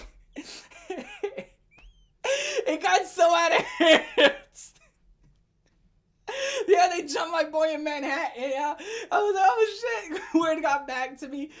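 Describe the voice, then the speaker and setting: Profane, animated New woman ranting. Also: high voice, slow, long pauses. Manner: animated and profane, breaking into loud laughing shouts. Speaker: vlogger. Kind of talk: storytime rant.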